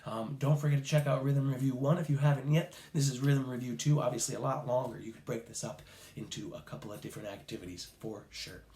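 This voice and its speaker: A man's voice: medium pitch, steady tone, fast, dark tone. A man teaching a children's music lesson, upbeat and counting off rhythms for the class to chant along. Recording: echoey room.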